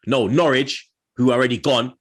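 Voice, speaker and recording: A man's voice: mid-range voice, fairly even intonation, a little fast, slightly rough. A young man, hosting a football podcast and trash-talking rival fans in heated, laughing banter.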